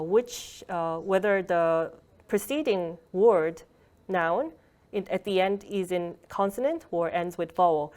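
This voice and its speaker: A woman teaches an online workshop at a middle pitch. She explains patiently and pauses often with fillers, and her voice comes through a video call. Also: warm tone. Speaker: Korean language lecturer.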